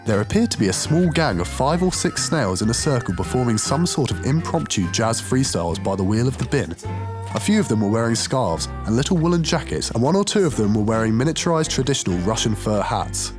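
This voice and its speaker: A man's voice: medium pitch, a little fast, music in the background. A man narrating a musical audiobook in a wry storytelling manner. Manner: wry, storytelling with lively intonation. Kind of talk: scripted narration.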